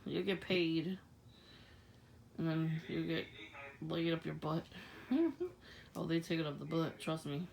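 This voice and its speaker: A woman's voice: low-pitched, little pitch movement, slow, gravelly, long pauses, darkish tone, slight background noise, rough recording. A woman talking casually to camera, laughing often as she rambles through a story. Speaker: vlogger. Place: outdoors at night.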